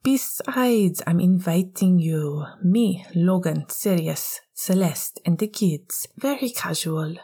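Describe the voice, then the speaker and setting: A fatherly hockey veteran teases in an easygoing whispered role-play, as a woman plays him. Her voice is mellow and breathy, set low. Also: expressive, takes it slowly, few pauses, exaggerated voice. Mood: teasing. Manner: teasing, easygoing. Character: older male hockey veteran, teasing and fatherly.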